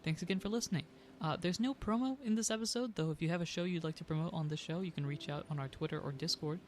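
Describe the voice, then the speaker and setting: A man's voice: a little high, quick pace, slight background noise. A man running a tabletop game as game master, talking casually with fillers. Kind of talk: tabletop game narration and podcast outro.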